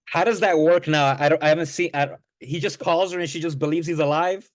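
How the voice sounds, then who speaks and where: Male guest co-reviewer, casual, slightly high voice, interjects short questions. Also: steady tone, fast talker. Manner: chimes in with short agreements and questions. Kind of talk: casual movie review chat.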